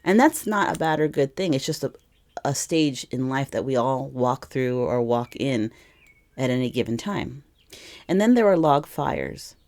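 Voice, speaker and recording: A woman's voice: very deep voice, expressive, a little slow, darkish tone. A woman giving a casual tarot reading to camera, rambling and emotional, often correcting herself mid-sentence. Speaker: tarot reader.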